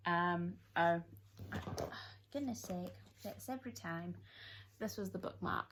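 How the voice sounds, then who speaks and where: A young woman in her twenties talks through a book in a relaxed vlog, her voice sitting a little low. She rambles from one thought to the next with self-deprecating asides. A faint hiss sits under her voice. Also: slow. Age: 20s. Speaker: book vlogger. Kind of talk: casual reading vlog chat.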